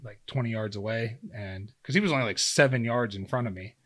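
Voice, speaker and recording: With a lowish, slightly bright voice and a somewhat fast pace, the former pro football player turned hunter, in his thirties, tells a story on a podcast. The conversation is casual, and he performs his own quotes amid many fillers.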